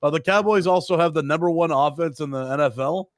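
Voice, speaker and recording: A man's voice: fairly high pitch, fast, no echo, clean studio sound. A man in a casual chat, eagerly sharing football news and stats.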